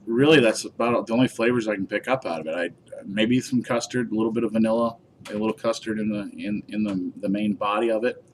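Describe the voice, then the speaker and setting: A man talking loosely through a product review, rambling from one thought to the next with lots of "uh" and "like." His voice sits on the low side, and a faint hum runs underneath. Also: steady tone, fast. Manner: rambling, chatty, many fillers. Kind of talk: casual review vlog.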